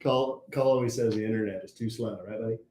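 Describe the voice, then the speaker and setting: A middle-aged man co-hosting a podcast talks rapid-fire in a lowish voice, trading lively jokes with his son in casual conversation. The recording carries echo and faint noise.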